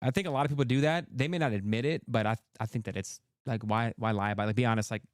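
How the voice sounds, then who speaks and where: Man, podcast guest, quick earnest chat, smooth dry voice. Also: medium pitch, no echo. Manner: quick, earnest, full of restarts. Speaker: content creator guest. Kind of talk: casual interview chat.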